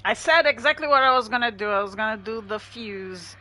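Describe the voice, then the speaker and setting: A woman's voice: fairly high pitch, animated, brisk, bright, forceful tone. A woman streaming a game, chatting casually with her chat and laughing often.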